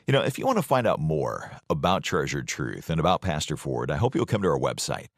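A man reading a scripted radio announcement in a smooth, promotional manner. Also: a bass voice, big pitch swings, a little fast, no room sound, studio quality. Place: radio studio.

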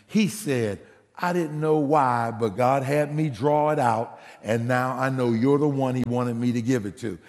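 A man preaching a sermon as a pastor, telling a story in an animated way and acting out the people he quotes. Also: medium pitch. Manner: animated, acts out quotes, laughs. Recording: long hall reverb.

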